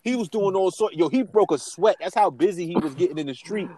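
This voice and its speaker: A man's voice: high-pitched, lively intonation, a little fast, crowd noise. A man co-hosting a podcast, telling stories in casual, profane chat, acting out quotes and laughing often. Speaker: podcast co-host.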